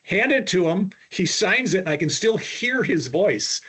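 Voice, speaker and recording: A man's voice: high voice, big pitch swings, unhurried, a bit bright, husky. A middle-aged man from Minnesota, a podcast guest telling long stories with lots of restarts and fillers. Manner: rambling anecdotes with many restarts and fillers. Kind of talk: storytelling interview.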